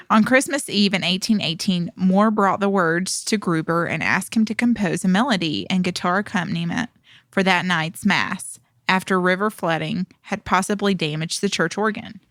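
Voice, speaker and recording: A woman co-host reading background notes aloud in a studio, steady but tripping over foreign names. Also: fairly low pitch, normal speed, dry recording.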